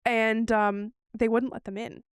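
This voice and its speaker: A woman's voice: fairly high pitch, measured pace, clean tone, no room sound, clean studio sound. A woman co-hosting a podcast, telling a personal story in casual chat and acting out what others said to her. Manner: animated, acts out what others said. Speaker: podcast co-host.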